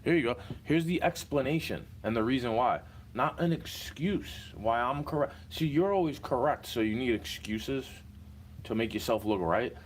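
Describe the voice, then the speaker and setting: A man's voice: mid-range voice, lively intonation, normal speed. A young man with a mid-range voice rants on in a car. His talk is agitated, profane and rambling, with faint noise behind him. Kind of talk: casual ranting monologue.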